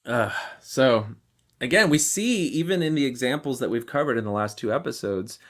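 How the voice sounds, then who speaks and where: A man's voice: mid-range voice, animated, normal speed. A man hosting a podcast, talking through his critique conversationally. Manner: conversational and critical, with ums and throat-clearing. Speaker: podcast host. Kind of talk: casual commentary.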